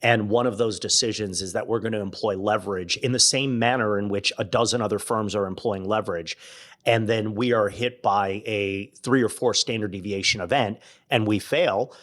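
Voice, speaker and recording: Middle-aged man, low voice, animated storytelling. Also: moderate pace. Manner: animated, quotes others in acted-out dialogue. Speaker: guest. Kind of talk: conversational storytelling.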